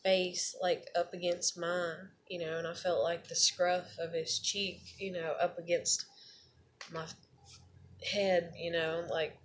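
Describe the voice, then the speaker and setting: A woman's voice: on the low side, little pitch movement, slow pace, slight background noise. A woman in a candid personal monologue, talking in a rambling, confessional, blunt way and swearing often.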